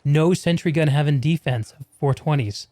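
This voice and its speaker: A man's voice: a little high, normal speed, darkish tone, dry recording. A man hosting a live stream and commentating a competitive video game match, chatty and upbeat, calling the viewers "y'all".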